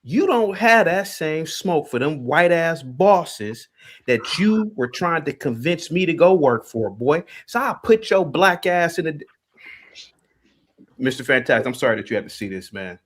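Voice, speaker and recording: A man hosting a livestream, in the middle of a heated rant. His voice swings widely in pitch as he taunts and calls out a caller. He sits a little above the usual male pitch. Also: big pitch swings, a little slow. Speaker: livestream host.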